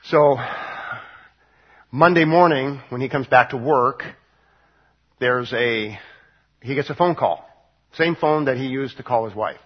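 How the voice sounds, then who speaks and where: A man preaching a midweek Bible study sermon, halting and full of fillers and restarts. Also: medium pitch, breathy edge, muffled recording. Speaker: pastor.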